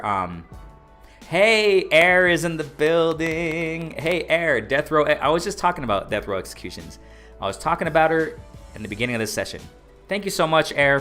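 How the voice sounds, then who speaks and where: Excited man hosting a boxing livestream. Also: mid-range voice. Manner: excited, reads chat aloud, repeats phrases. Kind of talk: casual live-stream commentary.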